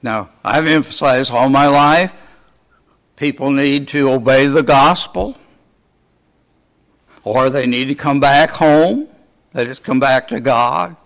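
A man preaching a sermon, asking his listeners many rhetorical questions in a slow, deliberate way. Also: mid-range voice, fairly bright tone.

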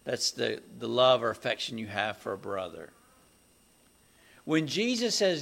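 Male preacher, sermon, slow deliberate delivery, bright tense tone, rising to loud emphatic peaks. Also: mid-range voice, sing-song, gravelly.

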